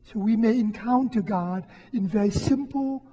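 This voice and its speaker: A priest delivers a homily in a soft, husky, mellow voice. He speaks gently and reflectively, pausing often. The sound rings with the long reverb of a church. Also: sits high. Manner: gentle, reflective, with frequent pauses. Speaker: Catholic priest giving a homily. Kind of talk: sermon. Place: church during Mass.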